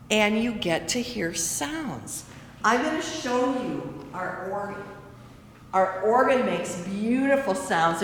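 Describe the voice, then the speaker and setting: Woman church guide leading a kids' field trip, unhurried and teacherly, recorded from a distance in a reverberant sanctuary. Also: medium pitch, slight background noise. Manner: slow, friendly teacher-like questions to kids. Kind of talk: virtual tour for young children. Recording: echoey church hall, from afar.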